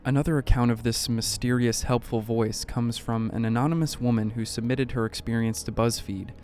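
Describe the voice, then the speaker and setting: A man giving a measured, suspenseful scripted narration for a documentary about unexplained events. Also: mid-range voice, fairly even intonation, darkish tone. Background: faint background music.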